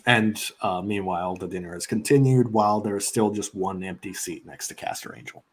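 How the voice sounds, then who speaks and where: A man narrating as game master of a tabletop role-playing game, loose and relaxed with many fillers. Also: low-pitched, fairly quick, slightly rough.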